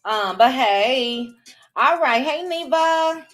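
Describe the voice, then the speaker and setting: A woman hosting a livestream, greeting viewers by name in a casual chat with drawn-out, chatty greetings. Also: sits high, lively intonation, fairly bright tone. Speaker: livestream host.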